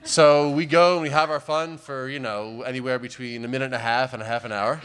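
Stand-up comic, male, mid pitch, wry and rambling, lots of "you know", faint hiss on the recording. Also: steady tone, a little fast, fairly bright tone. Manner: rambling, filler-heavy, wry. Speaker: stand-up comedian. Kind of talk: stand-up storytelling.

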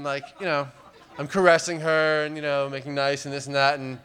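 A man's voice: medium pitch, fairly bright tone, slight background noise. A man doing stand-up comedy, telling a long story in a rambling, wry way with many fillers.

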